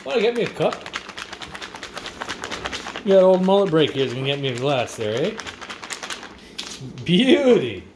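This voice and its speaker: A rowdy man tries out food for his vlog, cursing freely as he jokes along. His voice sits a little high and swings widely in pitch. A faint hum of background noise runs under the recording. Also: very animated, a little slow, long pauses, a little mellow. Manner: crude, profane, rowdy banter. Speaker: vlogger. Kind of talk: casual food review vlog.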